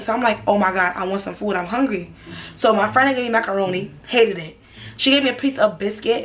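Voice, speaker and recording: A woman's voice: mid-range voice, slight background noise, low-quality recording. Young woman telling a storytime vlog. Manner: casual, animated retelling with repeated phrases. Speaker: vlogger.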